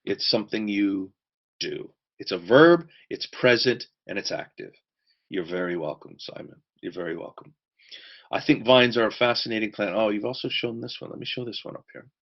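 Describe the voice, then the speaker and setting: A man teaches a church course in a fairly low voice. He drives his points home by repeating key words. The recording sounds dull and lo-fi. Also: moderate pace.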